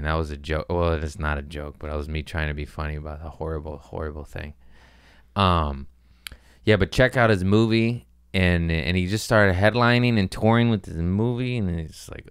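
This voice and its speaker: A man's voice: deep voice, normal speed, clear, resonant tone, no echo, clean studio sound. A man hosting a podcast, talking loosely and profanely in a jokey comedic rant.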